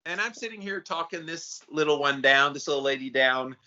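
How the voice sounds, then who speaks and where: A man co-hosting a casual podcast chat, animated and acting out quotes in different voices. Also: on the high side, a little fast, dull audio. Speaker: podcast co-host.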